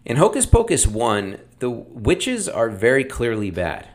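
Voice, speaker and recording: A man's voice: medium pitch, huge pitch swings, unhurried. A man hosting a casual movie review, talking in a rambling, opinionated way with lots of fillers. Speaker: podcast host reviewing films.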